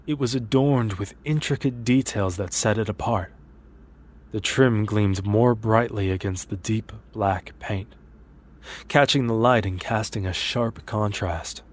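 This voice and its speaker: Male horror narrator, low voice, steady and measured scripted reading.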